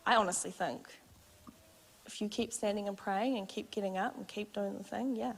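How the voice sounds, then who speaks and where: A young adult woman preaching a testimony-style sermon in a church, telling her story in a chatty, animated way with frequent laughs. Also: mid-range voice, normal speed, gravelly, a little hiss or hum. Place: church auditorium before a congregation. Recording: long hall reverb of a church auditorium.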